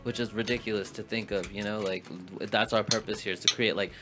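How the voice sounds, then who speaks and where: A man's voice: lowish voice, fairly even intonation, fairly quick, over loud music. A young man co-hosting a podcast in casual chat. He talks in slang and laughs often, on a studio mic. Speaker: podcast co-host.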